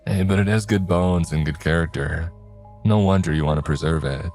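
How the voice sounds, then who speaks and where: A man's voice: low voice, moderate pace, a little mellow, soft background music. A man voicing a sarcastic young friend who cracks jokes. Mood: backpedaling. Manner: wisecracking, sarcastic.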